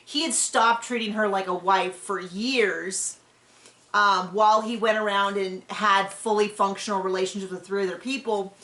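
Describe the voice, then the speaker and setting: A woman's voice: mid-range voice, steady tone, normal speed, a bit bright. A woman hosting a podcast, recapping a reality show in casual, opinionated chat with frequent restarts. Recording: roomy echo.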